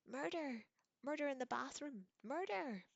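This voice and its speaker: Woman doing a shrill wailing ghost girl. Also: expressive, slow, fairly bright tone, slightly rough, no echo, dull audio, full character voice. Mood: shrieking. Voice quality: high, squealing. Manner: shrieking pleas.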